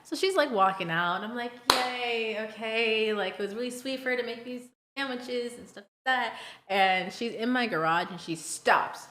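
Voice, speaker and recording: A woman streamer tells a story to her chat in an animated, blunt way, swearing freely and often breaking into laughter. Her voice sits high and sounds bright and sharp. The recording has a roomy echo. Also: normal speed, slight background noise.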